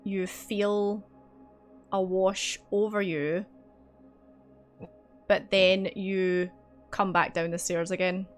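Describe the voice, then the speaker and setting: A woman's voice: mid-range voice, slow pace, long pauses, soft background music. Laid-back woman running a tabletop game. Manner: relaxed, filler-heavy narration with easy laughs. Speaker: dungeon master. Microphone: streaming mic.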